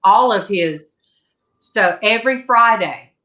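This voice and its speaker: A woman's voice: medium pitch, animated, slow. A middle-aged woman with a Southern US accent, hosting a casual panel chat and telling rambling stories full of fillers. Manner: chatty storyteller, many fillers and restarts. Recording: dull lo-fi sound.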